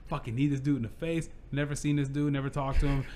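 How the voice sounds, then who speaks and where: A man's voice: mid-range voice, fast, crowd noise. A young man telling stories in casual chat. He swears freely and often breaks into laughter. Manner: animated, profane, laughs often. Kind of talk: casual storytelling.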